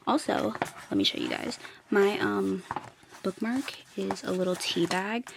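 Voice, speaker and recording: A young woman chatting to her viewers in a relaxed vlog. She talks easily with plenty of "like" fillers, at an everyday middle pitch. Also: a little slow, creaky, a little hiss or hum. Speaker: reading vlogger. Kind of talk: casual vlog chat.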